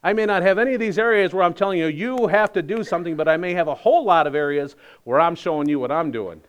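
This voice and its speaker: A man's voice: a little high, quick pace, clean tone. A man preaching with wry emphasis. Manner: conversational, emphatic, wry humor. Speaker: pastor. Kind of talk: sermon.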